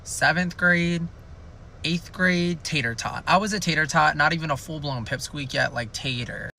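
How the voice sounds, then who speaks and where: A man's voice: on the high side, moderate pace, creaky, sharp tone, a little hiss or hum. A young man telling a rambling, jokey storytime in a chatty way. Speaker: storytime youtuber. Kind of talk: casual storytime.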